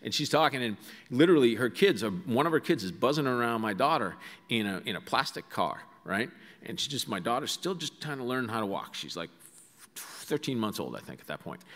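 A man's voice: medium pitch, fairly bright tone. A middle-aged man with a Boston accent, telling wry stories with asides to an auditorium audience. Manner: wry anecdotal storytelling with asides. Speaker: author speaking to an audience. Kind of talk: storytelling talk. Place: large auditorium. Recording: long hall reverb.

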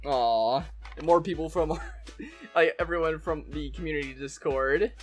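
A man in his twenties opening fan mail on his channel, expressive, laughing often and swinging from excited squeals to soft, touched tones. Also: a little high, unhurried, long pauses, faint music behind. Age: 20s. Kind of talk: casual fan-mail reading.

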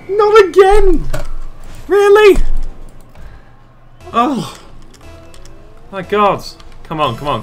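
A man commenting on his own match as a gaming channel host, excitable and self-mocking, often shouting and groaning at the game. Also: fairly high pitch, a little hiss or hum. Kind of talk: let's play commentary.

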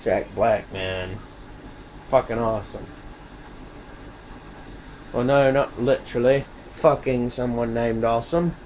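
A man's voice: medium pitch, takes it slowly, pauses often, darkish tone, muffled recording, slight background noise. A man vlogging in a casual, rambling way, sarcastic and full of cussing and self-mockery. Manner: sarcastic, profane, self-mocking.

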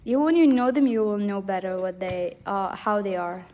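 A woman's voice: medium pitch, normal speed, dark tone, long reverb tail. A woman giving a pick-a-card tarot reading in a rambling, intuitive way, full of fillers and frequent laughs. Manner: intuitive, earnest, laughs often. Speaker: tarot reader.

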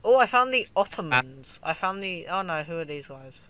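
A man playing a strategy game with a friend, firing back teasing, incredulous reactions. His voice sits a little high and comes across bright and sharp. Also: very animated, moderate pace, clear, resonant tone, poor audio. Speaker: gaming co-host. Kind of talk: casual gameplay chat.

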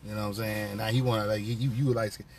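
A man's voice: fairly low pitch, little pitch movement, racing, husky. A man hosting a casual live stream from his phone, talking loosely in profane, rambling banter with viewers. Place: on a work break, vehicle sounds nearby.

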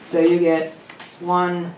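A man hosting a board game session, explaining the rules and counting pieces out loud as he plays. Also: high-pitched, completely flat delivery, takes it slowly. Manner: thinks aloud, counting pieces and muttering rules. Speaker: host. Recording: roomy room with faint noise.

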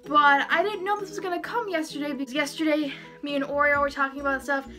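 A woman vlogger opening fan mail in a casual chat, excitable and gushing, laughing often. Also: high-pitched, quick pace, music in the background. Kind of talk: casual unboxing vlog.

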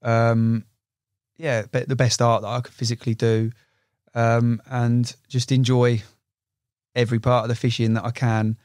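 Young angler, guest on a podcast, excitable and chatty, dry sound. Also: male voice, mid-range voice, moderate pace, no room sound. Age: young adult. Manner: excitable storyteller, swears, uses "you know" a lot. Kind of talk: casual chat.

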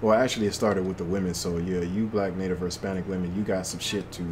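A man's voice: deep voice, fairly even intonation, fast, background noise. A young man giving loose, slangy commentary to himself while playing a shooter game. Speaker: gaming channel host. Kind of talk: casual gameplay commentary.

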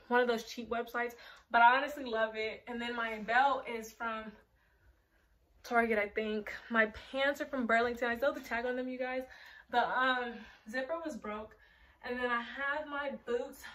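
Young woman, slightly high voice, casual fashion vlog, rambling, filler words, a bit out of breath. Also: normal speed, fairly bright tone. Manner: rambling, chatty, lots of filler likes. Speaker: fashion vlogger. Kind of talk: casual chat to camera. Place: bedroom.

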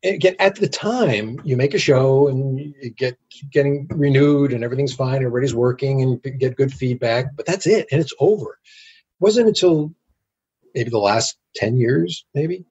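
A middle-aged man, guest on an interview show, telling anecdotes in a casual, animated way. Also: mid-range voice, moderate pace, breathy edge, muffled recording. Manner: animated anecdotes with acted quotes.

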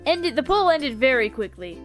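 A woman's voice: sits high, big pitch swings, normal speed, faint music behind. A young woman streaming a game live, playful and dramatic, swinging from mock-solemn to giddy squeals.

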